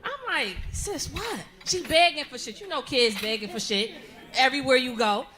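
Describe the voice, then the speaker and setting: A woman's voice: high-pitched, lively intonation, normal speed, sharp tone. A woman in her thirties doing a brash, profane stand-up set on stage, laughing through her lines. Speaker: stand-up comedian. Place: comedy stage before a live audience.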